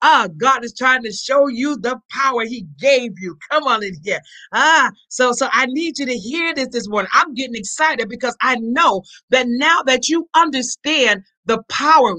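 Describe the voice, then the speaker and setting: A woman preaching a fervent sermon, calling out to her congregation for response and rising into shouts. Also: high voice, rough recording. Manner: call-and-response exhortation to congregation.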